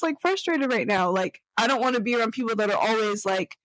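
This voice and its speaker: A woman's voice: on the high side, fast, few pauses, a bit bright, no echo, poor audio. A young woman hosting a casual chat, talking with lots of fillers and acting out quoted voices. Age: young adult. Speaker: podcast host.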